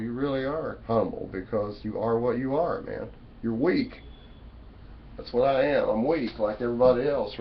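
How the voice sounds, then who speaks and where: A vlogger with a lowish, fry-tinged voice addresses his webcam directly, wandering through a preachy, down-home monologue full of "man" and "you know." The sound is muffled lo-fi webcam audio with a trace of room noise.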